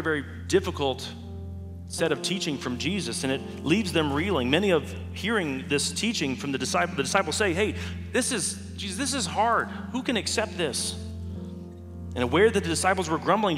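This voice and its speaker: A man preaching a sermon as pastor, earnest and measured, slowing down with emphatic pauses. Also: fairly high pitch. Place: large church sanctuary. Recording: long hall reverb with music underneath.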